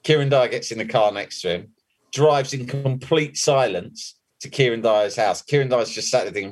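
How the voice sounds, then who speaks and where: A man's voice: medium pitch, normal speed. A man co-hosting a football podcast, telling a story in a casual, laughing way and swearing freely. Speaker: podcast co-host. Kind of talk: casual chat, telling an anecdote.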